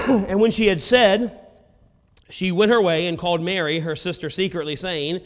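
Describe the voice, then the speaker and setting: A man's voice: high voice, fairly even intonation, moderate pace. A male preacher reading old-style scripture aloud and explaining it in casual asides. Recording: long hall reverb.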